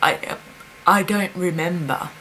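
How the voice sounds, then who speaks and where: A young woman speaking in a personal confessional vlog, hesitant and halting, with many pauses and fillers. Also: lowish voice, pushed and bright, slight background noise, low-quality recording. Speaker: vlogger.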